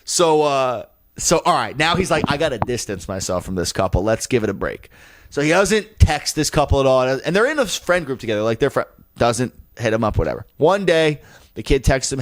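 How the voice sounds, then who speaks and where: A young adult man co-hosts a comedy podcast, telling a story briskly in a mid-range voice during casual chat. He's animated, acts out the people he quotes, and swears a lot.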